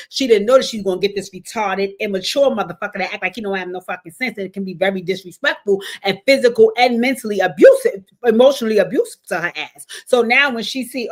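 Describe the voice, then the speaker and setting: A woman hosting a casual reality TV commentary show, profane and animated, with sudden shouting bursts and mimicked voices. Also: medium pitch. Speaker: show host.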